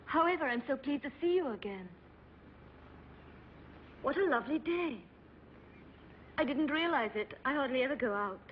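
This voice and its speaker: An actress playing a fragile, anxious aristocratic wife in dubbed film dialogue, pleading and nervous. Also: female voice, sits high, lively intonation, normal speed, pauses often, a little hiss or hum. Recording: dull old film soundtrack.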